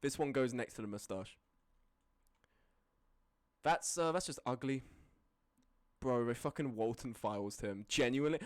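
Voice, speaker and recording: A streamer casually ranking images, often breaking into high laughing fits and then dropping into low, sweary mutters. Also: a little slow, pauses often, dry recording, studio quality. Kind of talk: casual live-stream commentary.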